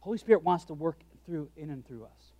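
A man preaching a sermon as pastor, animated and joking, acting out his own thoughts in quick asides. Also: fairly high pitch, no echo, studio quality.

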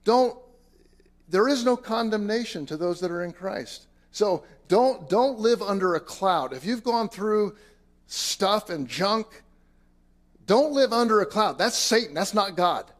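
A man's voice: high-pitched, lively intonation, measured pace. Earnest man preaching a sermon. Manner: earnest, conversational preaching with sudden loud emphases and quiet asides. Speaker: pastor.

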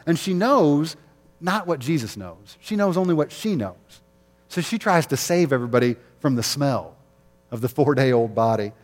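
A man's voice: a little high, animated, normal speed, darkish tone, in a large hall. A man preaching an Easter sermon as pastor, conversational, with rhetorical questions and light jokes.

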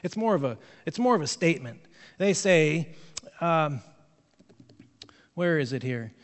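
Male pastor, fairly high voice for a man, relaxed and conversational with jokey asides, preaching a sermon in a church sanctuary that rings with a long reverb. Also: a little slow.

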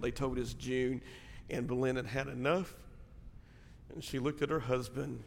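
A middle-aged man preaching a sermon as pastor, in pain from a back injury, swinging between hushed storytelling and loud, fervent preaching in a church. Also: medium pitch, a little hiss or hum. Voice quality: gravelly. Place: church sanctuary. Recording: long hall reverb.

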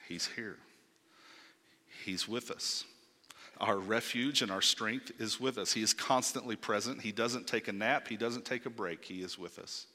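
A man preaching a sermon, emphatic, swinging from loud declarations to hushed asides and asking rhetorical questions. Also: fairly low pitch, measured pace, in a large hall.

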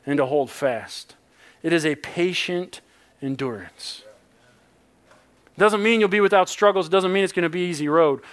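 A man in his thirties, a pastor, preaching a sermon with animated personal stories and laughing asides. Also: on the high side.

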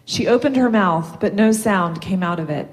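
A woman reads a story aloud in a steady, measured manner. Her voice sits in an ordinary middle register. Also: mid-range voice. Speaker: reader.

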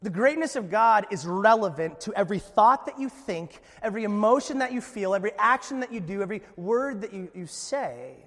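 A man preaching a sermon in a church, telling a story with lively energy and frequent restarts. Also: high voice, fairly quick, few pauses, big-room sound. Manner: animated storytelling with many restarts. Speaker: pastor.

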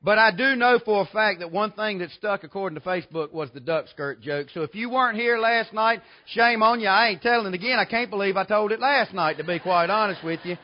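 A man's voice: high voice, fairly quick, few pauses, lo-fi sound. A man, preaching a revival sermon as a guest preacher and telling jokes in a folksy way. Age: 40s. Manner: folksy, joking storyteller. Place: church sanctuary.

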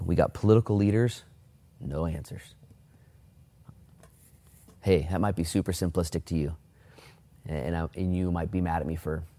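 A male pastor with a fairly low voice delivers a casual, animated sermon from a church. He reads scripture aloud, then drops into quick high-pitched character voices for the people in the story. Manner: animated, acts out Bible figures in a high put-on voice. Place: church, online service during lockdown.

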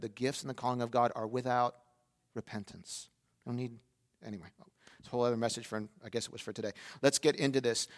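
A man preaches a sermon in a church sanctuary. He moves between a relaxed, conversational tone and sudden loud, emphatic bursts. His voice sits at an ordinary middle pitch. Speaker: pastor.

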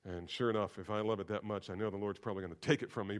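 A man preaching a sermon, repeating phrases for emphasis and swinging between loud, emphatic peaks and quiet, low asides. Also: fairly even intonation, rapid-fire, few pauses. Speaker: pastor.

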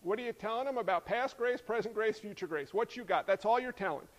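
A man preaching a sermon as pastor, lively and joking, peppering the congregation with rhetorical questions. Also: high-pitched, quick pace. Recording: long hall reverb.

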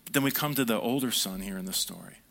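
A man preaching a sermon, reading scripture aloud and acting out the quoted lines with lively swings in his delivery. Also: fairly low pitch, fast, gravelly. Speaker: pastor.

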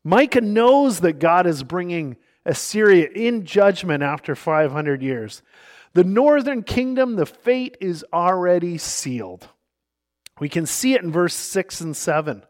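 A man preaching a sermon, reading scripture aloud and telling illustrative stories, shifting between hushed and emphatic delivery. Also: high-pitched, big pitch swings, measured pace. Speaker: pastor.

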